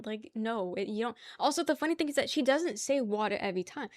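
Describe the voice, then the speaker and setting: A woman's voice: fairly high pitch, normal speed, dry recording, studio quality. A young woman from the New area, chatting casually on a stream, rambling, laughing often and reading chat aloud. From New York area.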